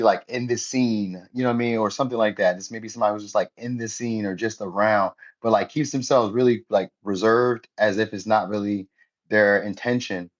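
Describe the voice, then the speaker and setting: A young man doing a loose, slangy, rambling tarot reading. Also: fairly low pitch. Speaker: tarot reader. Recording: dull lo-fi sound.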